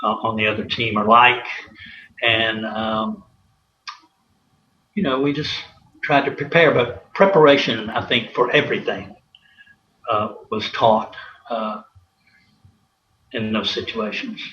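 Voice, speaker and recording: A man's voice: lowish voice, slow pace, long pauses, bright, forceful tone. A man, a former college athlete, telling anecdotes in a rambling way with many fillers and chuckles. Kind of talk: casual storytelling interview. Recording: roomy, slightly dull, faint hiss.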